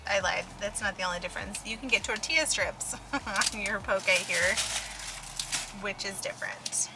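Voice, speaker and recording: A woman's voice: mid-range voice, moderate pace, music in the background, low-quality recording. A young woman vlogging casually from her car and a restaurant, chatting in a rambling way with many fillers. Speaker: photographer vlogger. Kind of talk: casual vlog narration.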